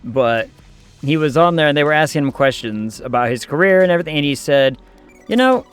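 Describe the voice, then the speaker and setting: A man co-hosting a gaming stream, talking in a relaxed and reflective way. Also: on the high side, fast talker, smooth, faint music behind. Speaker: streamer co-host. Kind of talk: casual chat while gaming.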